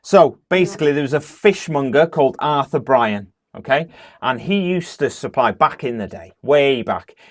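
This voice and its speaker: A man's voice: mid-range voice, animated, moderate pace. Chatty man sharing football trivia. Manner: chatty, many "uh" fillers, storytelling. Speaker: podcast co-host. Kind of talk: casual chat.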